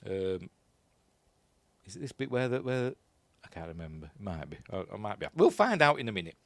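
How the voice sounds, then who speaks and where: A man's voice: fairly low pitch, very animated, brisk, dry recording. A man with a Yorkshire accent giving a casual, rambling commentary while watching a film, often unsure of himself and chuckling at his own asides. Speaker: film reviewer.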